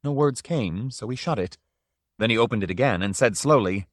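A man reads a story aloud in a measured, even storytelling manner. His voice sits fairly low. The recording is dry and close, with no room echo. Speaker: narrator. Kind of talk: scripted audiobook narration.

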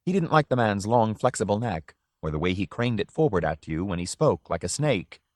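A man narrating a story in a measured, even storytelling manner. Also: lowish voice, no echo, clean studio sound.

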